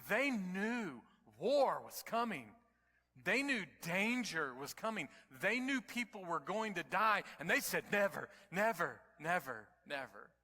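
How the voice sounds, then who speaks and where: A man preaching a sermon to his congregation, telling stories and building to near-shouts at the climaxes. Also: high-pitched, in a large hall. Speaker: pastor. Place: church sanctuary.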